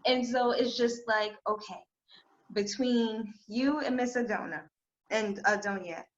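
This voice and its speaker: A woman's voice: fairly high pitch, a little slow, dull audio. Effusive woman podcast host. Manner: effusive, emotional, gushing praise. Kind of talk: casual conversation.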